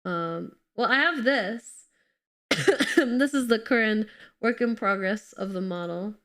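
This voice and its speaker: A woman's voice: a little high, slow pace. Bubbly, slightly ill woman streamer. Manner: bubbly, excitable, chatty with viewers. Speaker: game streamer. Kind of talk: casual live-stream chat while playing.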